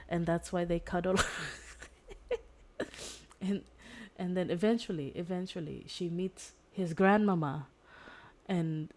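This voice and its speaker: Low-voiced woman rambling through a story. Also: a little mellow. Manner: rambling retelling with many fillers and restarts, acting out quotes. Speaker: streamer. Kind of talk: casual storytelling.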